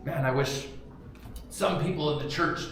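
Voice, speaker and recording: A male pastor preaching a casual, joking sermon in a church, with props and sudden bursts of loud emphasis. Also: fairly high pitch, moderate pace. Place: church sanctuary. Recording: very echoey room, faint background hum.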